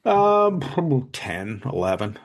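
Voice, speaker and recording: A chef and food blogger who lives in South Jersey chats as a guest in an interview, telling stories in a rambling way full of fillers and restarts. His medium-pitched voice is sing-song, and he speaks at a measured pace.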